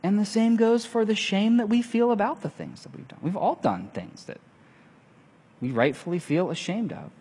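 A man preaching a sermon, telling a story in lively fashion and acting out the lines of the people in it. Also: high-pitched, moderate pace, slightly rough. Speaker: pastor. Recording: long hall reverb.

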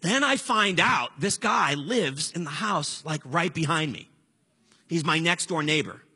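A man's voice: on the high side, animated, a little slow, sharp tone, breathy edge. A man in his forties preaching a sermon in a conversational, storytelling way, earnest and direct. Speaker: pastor.

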